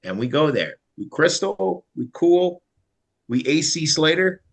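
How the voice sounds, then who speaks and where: A man playing a tabletop game, loud and joking. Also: a little high, very animated, a little slow. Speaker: player.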